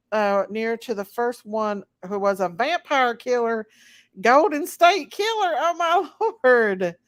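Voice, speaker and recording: A woman's voice: on the high side, no echo, clean studio sound. A woman hosting a casual late-night live chat, greeting viewers one by one and laughing often. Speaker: livestream host.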